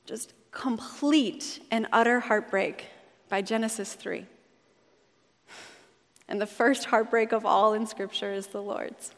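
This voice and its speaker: A woman's voice: mid-range voice, fairly even intonation, slow, pauses often. A woman pastor preaching a sermon in a conversational, storytelling way, in a church sanctuary. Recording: long hall reverb.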